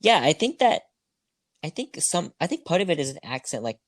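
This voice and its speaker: A man's voice: fairly high pitch, sing-song, a little fast, dry recording. Blunt man on a dry podcast mic. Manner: blunt, openly disagrees. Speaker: podcast co-host. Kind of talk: casual podcast chat.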